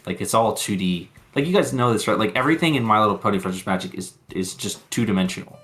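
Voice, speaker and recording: A man's voice: lowish voice, expressive, fast, fairly bright tone, faint music behind. A man co-hosting a podcast, chatting casually and rambling through episode recaps, swearing freely and laughing often. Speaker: podcast co-host.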